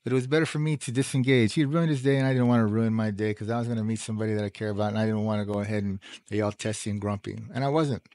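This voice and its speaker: A middle-aged man talking casually, telling a personal story in a rambling, animated way with frequent laughs. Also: fairly low pitch, rapid-fire, few pauses, no room sound. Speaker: host. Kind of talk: casual monologue.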